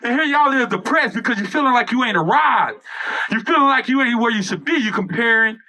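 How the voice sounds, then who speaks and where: A male comedian works a rooftop crowd with loud, profane stories and a preacher's cadence. His voice sits very high for a man and sounds bright and lively, leaping up and down in pitch. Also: a little fast, poor audio. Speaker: stand-up comedian. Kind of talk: stand-up comedy set. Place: outdoor rooftop event.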